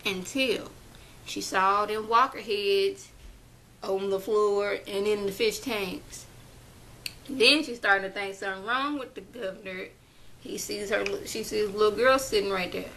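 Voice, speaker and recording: Gravelly, bright-voiced woman recapping casually. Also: medium pitch, measured pace, a little hiss or hum, rough recording. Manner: chatty and animated, briefly acting out characters' lines in her own voice. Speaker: vlogger recapping a TV episode.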